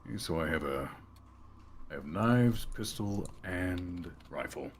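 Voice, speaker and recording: A man's voice: sits low, lively intonation, unhurried, slight background noise. A man player in a tabletop game, asking the game master short, precise questions about his gear.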